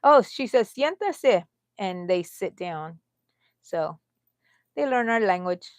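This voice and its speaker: A woman's voice: fairly low pitch, expressive, slow, no echo. Chatty middle-aged woman, dry close sound. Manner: chatty, laughs often, talks to viewers by name. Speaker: crochet vlogger. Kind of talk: casual live-stream chat.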